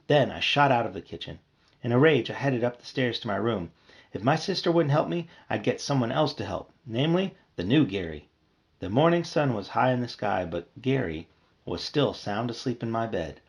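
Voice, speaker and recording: A man reads a children's scary story aloud with lively, expressive narration. His voice has a rough, gravelly texture at a middle pitch. Steady and engaged as the tale unfolds. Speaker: reader. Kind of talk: reading a children's horror book aloud.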